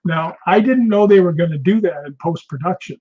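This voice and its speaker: A man with a high voice and a brisk pace guests on an interview show, telling film set stories casually and laughing often as an animated storyteller. The recording has a dull lo-fi sound.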